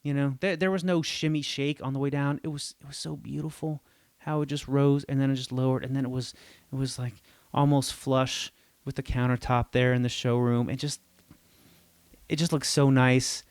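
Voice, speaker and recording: A man tells a long comic story as the host of his own show, exasperated and animated, often jumping up in pitch to act out the people he quotes. His voice sits in a middle range and is recorded close and dry, with no room sound. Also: moderate pace, smooth, no echo. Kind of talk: comedic storytelling monologue.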